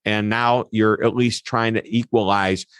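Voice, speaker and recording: A man, a guest expert on an interview, explaining his ideas in an animated way with quick asides. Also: on the low side, smooth, no room sound, clean studio sound. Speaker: customer service expert guest. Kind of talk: interview answers.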